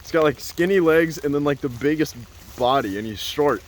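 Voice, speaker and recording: A man's voice: on the high side, moderate pace, slight background noise. Rambling man telling a casual story. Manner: rambling, laughs often, many fillers like "like" and "uh". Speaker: vlogger.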